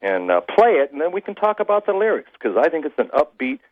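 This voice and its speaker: Lively older man on a phone line. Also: a little high, fast, dry recording. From rural Illinois. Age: late 60s. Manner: lively storyteller. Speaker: band member, guest. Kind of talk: casual interview chat.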